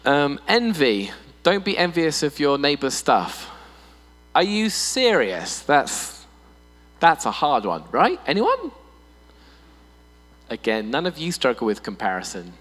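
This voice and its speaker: A man preaching a sermon in a church hall, animated and playful, often putting on voices for humor. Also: medium pitch, a little slow. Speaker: pastor. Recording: long reverb in a hall with mains hum.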